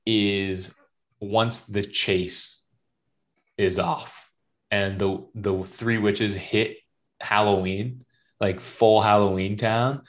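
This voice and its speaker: A man with a fairly low voice co-hosting a laid-back movie podcast. He recaps scenes in a relaxed, conversational way, laughing along with his co-host. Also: drawn-out words. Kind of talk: casual movie discussion.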